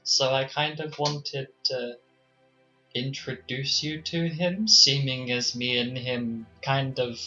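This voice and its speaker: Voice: mid-range voice, takes it slowly, pushed and bright, faint music behind. A game master voicing a stammering flustered young man. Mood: nervous. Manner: hesitant, full of ums and stammers. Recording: dull lo-fi mic.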